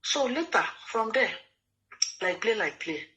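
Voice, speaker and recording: A man's voice: high-pitched, expressive, unhurried, sharp tone, low-quality recording. A man from Nigeria with a Nigerian accent, telling his personal story in a repetitive, pleading way full of quoted speech. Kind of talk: emotional personal testimony.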